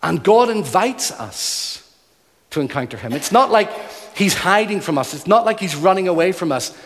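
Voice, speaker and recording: A man's voice: high voice, expressive, normal speed, fairly bright tone. A man preaching a sermon in earnest, building emphasis through repeated phrases. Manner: earnest, emphatic, rhythmic repetition. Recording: long hall reverb.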